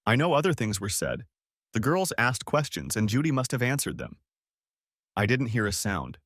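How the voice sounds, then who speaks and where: A man reads a first-person story aloud in a measured, steady way. His pitch moves a lot through each sentence, and the recording is close and dry with no room sound. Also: no room sound. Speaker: story narrator.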